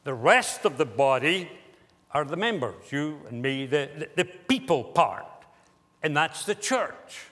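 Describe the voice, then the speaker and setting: Slow, deliberate preaching man in a reverberant hall. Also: on the high side, big pitch swings, fairly bright tone. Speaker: pastor. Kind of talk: sermon.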